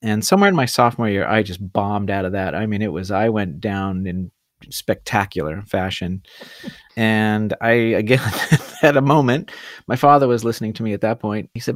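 A man telling the story of his career in a relaxed interview, rambling and self-deprecating, with hesitant restarts. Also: lowish voice, normal speed, no echo, studio quality. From California. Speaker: guest food photographer.

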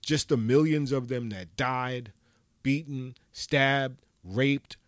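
A man's voice: medium pitch, takes it slowly, dry recording, clean studio sound. A man giving an impassioned, profane solo commentary, talking emphatically and ranting. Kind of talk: impassioned monologue.

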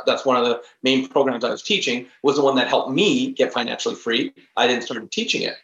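A man in his fifties, a professional trainer on a podcast, telling an emphatic story and acting out the dialogue. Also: mid-range voice. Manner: animated, emphatic storyteller who acts out dialogue. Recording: roomy, slightly dull recording.

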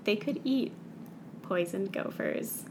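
A woman's voice: medium pitch, takes it slowly, darkish tone, a little hiss or hum. A woman co-hosting a podcast, making wry, dry jokes in a casual chat about a book. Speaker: podcast co-host.

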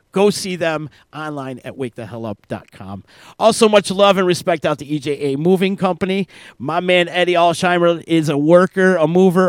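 A man hosting a radio show in an energetic, joking, casual way. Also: mid-range voice, no echo. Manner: energetic, hype, loose and joking.

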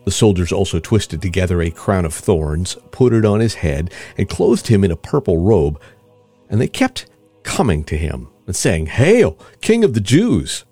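A man reading scripture in an expressive, storytelling way. His voice is deep and moves with lively pitch. Faint music plays beneath. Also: moderate pace, no echo. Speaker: scripture reader.

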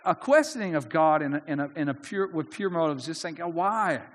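High-voiced man preaching in a reverberant hall. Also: expressive, brisk. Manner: earnest, conversational preaching with many restarts. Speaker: pastor. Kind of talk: sermon.

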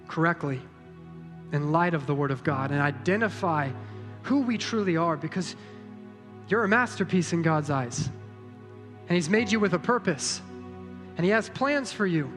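A man preaching as a pastor in a church, casual and encouraging, speaking straight to his congregation before leading a prayer. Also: sits high. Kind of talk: sermon with closing prayer. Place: church sanctuary. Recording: reverberant church hall with soft music.

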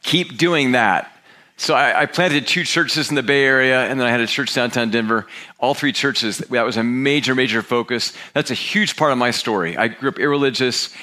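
A man's voice: medium pitch, normal speed, sharp tone. A man in his sixties, a pastor giving a candid, conversational sermon with frequent restarts. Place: church sanctuary.

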